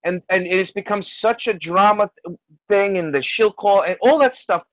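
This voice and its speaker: A man's voice: sits high, normal speed, fairly bright tone, no room sound. A man rambling in a loose, casual chat on a video call, swearing freely. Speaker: hangout participant. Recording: dull lo-fi sound in a dry space.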